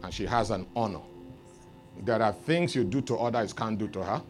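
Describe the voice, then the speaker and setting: A man preaching a sermon, telling a story with lively rises into loud exclamations. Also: lowish voice, a little fast, music in the background. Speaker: pastor.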